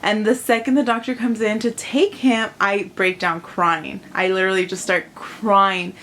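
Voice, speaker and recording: A woman's voice: medium pitch, steady tone, normal speed, a bit bright, slight background noise. A young mother talks straight to her camera in a casual, chatty vlog. Her delivery is emotional and unpolished, full of fillers and restarts as she tells her own story. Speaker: mom vlogger.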